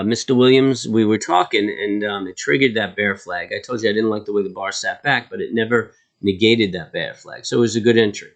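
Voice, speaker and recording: A man's voice: fairly low pitch, brisk, hardly any pauses. A man hosting a live trading stream, talking casually to viewers in a rambling way with lots of ums and uhs. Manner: laid-back, chatty asides to viewers.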